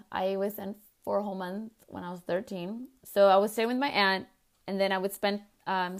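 A woman's voice: lowish voice, creaky. Chatty woman telling a story. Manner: chatty, laughing, mixes Spanish words into English. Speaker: podcast host, health coach. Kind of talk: casual storytelling.

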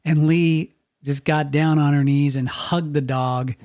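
A man, a radio DJ hosting a podcast, talking in a reflective, halting way and acting out the people in his story. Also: fairly high pitch, steady tone, darkish tone. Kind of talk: casual podcast conversation.

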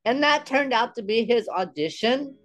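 Texan male interviewee, halting storyteller, faint music under. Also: very high-pitched, expressive, a bit bright, low-quality recording. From Texas. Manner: halting, repeats starting words. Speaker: interviewee, comedian and creative partner.

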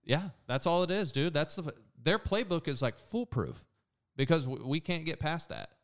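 A man's voice: fairly high pitch, big pitch swings, normal speed. A man co-hosting a podcast, talking loosely and casually, often saying "dude". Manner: loose and conversational, calls others dude. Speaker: podcast co-host. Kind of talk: casual chat.

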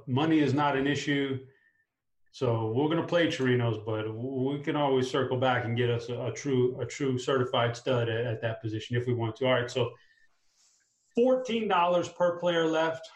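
A man hosting a casual fantasy sports chat, upbeat and talking his picks through out loud. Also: mid-range voice, moderate pace, echoey room, rough recording. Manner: upbeat, talks through a lineup aloud. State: clearing a tickle in his throat. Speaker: fantasy sports show host.

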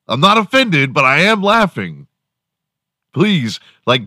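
A man's voice: on the high side, huge pitch swings, takes it slowly, bright, forceful tone, no room sound, clean studio sound. A man in his forties hosting a solo podcast, rambling crudely and laughing at his own jokes. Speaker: podcast host. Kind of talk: solo comedic podcast rant.

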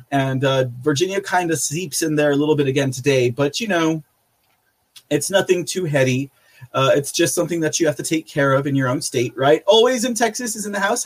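A man with a higher voice and a breathy edge hosts a live podcast, reading out viewer chat. He's chatty and rambling, laughs often, and uses lots of fillers.

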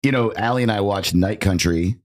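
A man co-hosting a podcast in casual chat, laid-back and jokey, swearing freely and slipping into quick impressions. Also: lowish voice. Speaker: podcast co-host.

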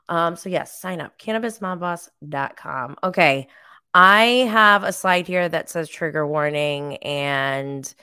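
A woman hosting a casual recap podcast, rambling and giggling between thoughts. Her voice sits a little low and sounds smooth and clear. She takes her time with every phrase. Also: sharp tone. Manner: chatty, giggly, rambling with fillers. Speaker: podcast host. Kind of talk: casual live recap chat.

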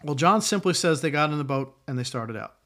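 A man's voice: a little high, lively intonation, a little fast, a bit bright. A middle-aged man preaching a sermon in a conversational way, acting out quotes along the way. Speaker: pastor.

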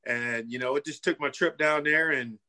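Bright-voiced middle-aged man telling stories. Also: on the high side, moderate pace. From California. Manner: earnest, frequent "you know" and "man" fillers. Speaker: guest, former pro football player. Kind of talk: casual storytelling interview.

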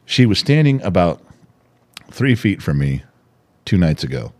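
An older man with a low voice that swings widely in pitch as he spins a family story. He jumps into a squeaky child voice whenever he quotes his granddaughter. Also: unhurried. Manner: animated storyteller who acts out a child's voice in high squeaks. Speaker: podcast co-host. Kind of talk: casual storytelling chat.

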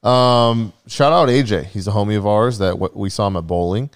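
A man's voice: fairly low pitch, normal speed, clear, resonant tone. A man co-hosting a podcast, chatting loosely with lots of fillers and swearing. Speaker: podcast co-host. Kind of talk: casual chat.

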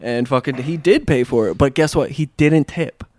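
A young man co-hosting a casual podcast, talking at an ordinary pitch. He rambles through his story with plenty of cursing and loose fillers. The sound is dry and close, with no room around it. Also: moderate pace, no room sound. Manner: rambling, profane storytelling with laughs. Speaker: podcast co-host. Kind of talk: casual chat.

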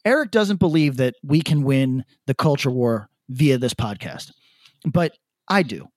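A man co-hosting a podcast, animated and profane, laughing often in casual chat. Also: mid-range voice, a little slow, dry recording, clean studio sound. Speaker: podcast co-host.

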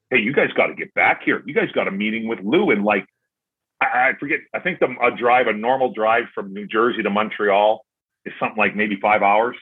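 A man's voice: lowish voice, husky. A man in his forties telling casual, rambling anecdotes as a podcast guest, acting out dialogue with "I'm like" and some swearing. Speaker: podcast guest, former pro hockey player. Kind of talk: casual storytelling. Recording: tinny phone-like line.

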